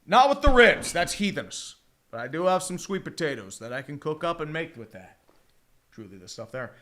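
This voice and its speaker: A man's voice: on the high side, very animated, normal speed, a bit bright. A man streaming a football watch-along, chatting casually and profanely, with bursts of mock play-by-play calls. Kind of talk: casual live game commentary.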